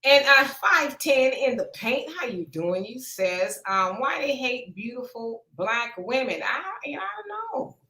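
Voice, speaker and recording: A woman with a bright, high-set voice hosts a relaxed live chat. She reads comments aloud in a folksy manner and laughs easily. Her voice rings in an echoey room. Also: a little slow, hardly any pauses. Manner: laid-back, folksy, laughs often. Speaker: host reading viewer comments. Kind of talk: casual live-stream chat.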